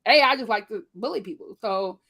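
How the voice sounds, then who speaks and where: A woman with features chatting casually on a panel, acting out what people say in lively voices. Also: fairly high pitch, fairly quick. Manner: animated, quotes people in voices.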